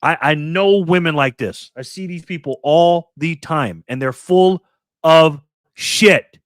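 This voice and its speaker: Fifties guy from new york state ranting mad on his live show, swears a ton, kinda high voice, dry sound. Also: slow pace, no echo. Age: 50s. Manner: angry, profane ranting. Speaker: livestream host. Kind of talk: live political commentary.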